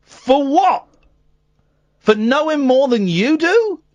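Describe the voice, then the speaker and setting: A man's voice: very high voice, sing-song, takes it slowly, darkish tone, no room sound, highs cut off. A man hosting a comic phone-in radio show, rambling and teasing his callers with sarcasm.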